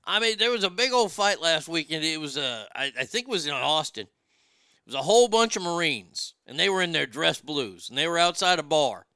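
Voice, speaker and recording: A man spins crude comic stories with a blunt, profane drawl. His voice is bright and smooth, a little higher than most men's. The recording is close and dry. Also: expressive, normal speed, no room sound. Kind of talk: casual comedic storytelling.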